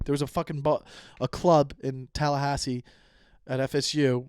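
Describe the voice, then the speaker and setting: A man's voice: fairly high pitch, little pitch movement, fast, a little mellow, smooth, no echo, clean studio sound. A man in his thirties, a comedian hosting his own podcast, talking alone in a rambling, profane way and often interrupting himself to chase tangents. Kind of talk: rambling solo podcast monologue. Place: at home, lying down.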